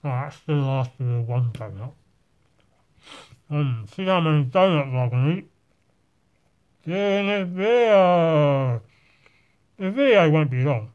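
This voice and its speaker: A man's voice: fairly high pitch, expressive, a little slow, long pauses, clear, resonant tone, dull audio. A man in casual chat while drawing, rambling through a story and swearing often. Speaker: artist.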